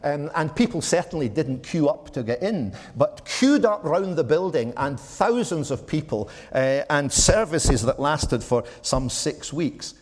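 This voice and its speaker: A Scottish man in his seventies giving a measured, reflective talk to a church audience, with frequent ums. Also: fairly high pitch, lively intonation. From Scotland. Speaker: speaker at a church gathering. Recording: long hall reverb.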